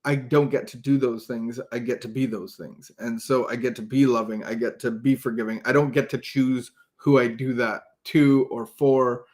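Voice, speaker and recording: A man's voice: mid-range voice, steady tone, a little mellow. A man co-hosting a recovery podcast, talking earnestly in a casual chat with many false starts. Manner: earnest, halting, many restarts. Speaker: podcast co-host.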